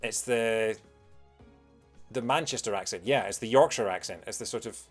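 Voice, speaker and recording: A young British man with a lowish voice talks at normal speed while playing a video game, with faint music in the background. He rambles casually, answering chat and using plenty of filler words.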